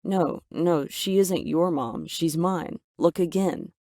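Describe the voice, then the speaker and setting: Earnest gentle young husband, read by the narrator, mid-pitched, dry. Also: slow, no room sound.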